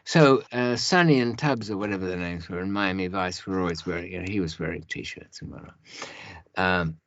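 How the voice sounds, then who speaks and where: Low-voiced man rambling through stories. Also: a little fast, fairly bright tone, no room sound, highs cut off. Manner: rambling, many restarts and asides. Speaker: podcast guest. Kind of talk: casual storytelling.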